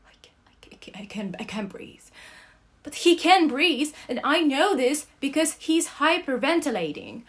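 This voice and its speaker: Slow, expressive young woman reading. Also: mid-range voice. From Russia. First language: Russian. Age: young adult. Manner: expressive, swings between loud outbursts and soft whispers. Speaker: student reader. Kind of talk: dramatic reading of a novel excerpt.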